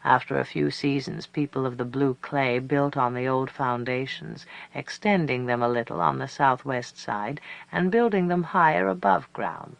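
A storyteller reading a story aloud in a measured way, slowing down for emphasis. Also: mid-range voice, gravelly, rough recording. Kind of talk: scripted narration of a story.

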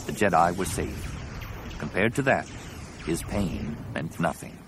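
A man narrating an audiobook in a dramatic, expressive reading. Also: sits low, measured pace, background noise.

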